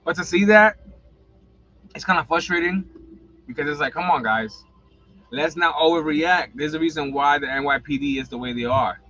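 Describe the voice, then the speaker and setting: A man's voice: fairly high pitch, normal speed, long pauses, pushed and bright, muffled recording. A man, hosting a casual livestream, rambling and blunt with lots of slang and swearing. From New York. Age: 40s. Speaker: livestream host.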